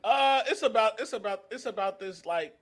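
A man as a panelist on a casual game show, talking fast in loose slang and getting excited. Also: high voice.

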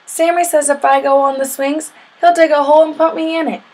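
A woman's voice: high voice, steady tone, brisk, a little mellow, pitched above the performer's own voice, lightly acted. Kevin, a timid clever boy, as a woman puts him on. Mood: earnest.

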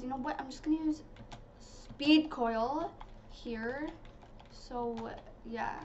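A woman giving casual, excitable commentary while playing a video game, talking to her viewers. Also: high-pitched. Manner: chatty and excitable, talks to viewers as "guys". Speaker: gaming channel host. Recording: slightly dull lo-fi audio with faint noise.

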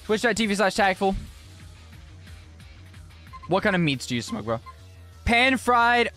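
A man's voice: high-pitched, big pitch swings, measured pace, pushed and bright, soft background music. A young man streaming a game live and chatting with his viewers, exclaiming often and using casual slang.

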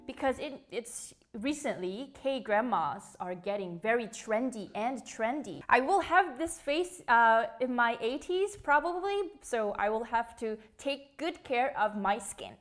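A woman's voice: a little high, a bit bright. A young woman, hosting a live quiz show in playful, giggly chat while reading out viewer comments. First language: Korean.

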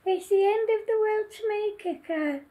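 A woman's voice: very high voice, normal speed, mellow, pitched above the performer's own voice. Grumpy, a woman doing a sulky lovesick schoolboy. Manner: pleading, complaining.

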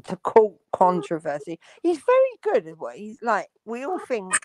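A woman's voice: medium pitch, wildly swooping pitch, moderate pace, background noise. A woman with a North London accent, swearing bluntly and laughing as a guest on a casual live-stream panel. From London, England.

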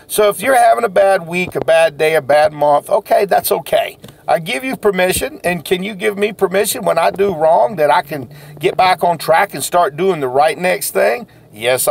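A man's voice: sits high, lively intonation, moderate pace, gravelly. A man, a sales coach giving a folksy, self-deprecating motivational talk.

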